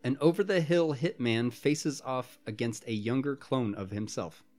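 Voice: medium pitch, normal speed, a little mellow. A podcast co-host in casual chat over a movie, playful, swearing casually and laughing a lot.

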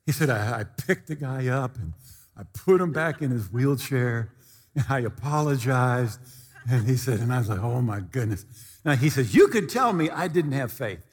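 A male pastor preaching a sermon, telling stories with animated delivery and shouting the quoted lines. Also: medium pitch, normal speed, in a large hall.

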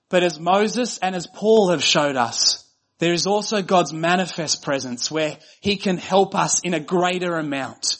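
A man with a fairly bright voice on the high side preaches a sermon as a pastor. He sounds earnest and conversational, building his points through repeated phrases.

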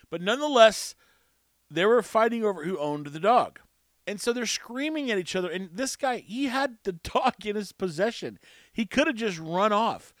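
A man hosting a show tells a rambling, wry, self-mocking story into a close mic in a casual monologue. His voice is high and fairly bright, with lively intonation and normal speed, and the recording is dry.

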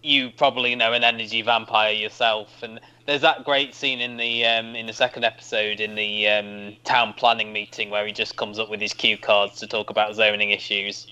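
A man's voice: lowish voice, little pitch movement, normal speed, few pauses, pushed and bright, clear, resonant tone. A man co-hosting a TV podcast, talking thoughtfully with lots of hedges. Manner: thoughtful, hedging. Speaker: podcast co-host. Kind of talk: casual chat. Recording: dull lo-fi sound.

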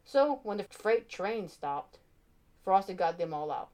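A woman narrating a children's storybook aloud with expressive, animated delivery. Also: medium pitch, a little slow.

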